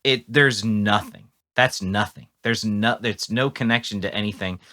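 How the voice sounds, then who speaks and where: A man co-hosting a podcast in casual chat, animated and sarcastic, restarting sentences often and swinging between loud bursts and mumbles. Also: fairly low pitch, moderate pace. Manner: many restarts and fillers. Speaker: podcast co-host.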